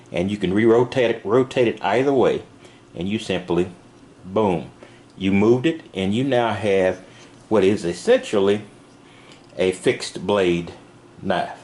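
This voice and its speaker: A man casually showing a pocket knife in a vlog, talking in a rambling, halting way with many fillers. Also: lowish voice, darkish tone. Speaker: knife reviewer. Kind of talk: casual product demo vlog. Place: van.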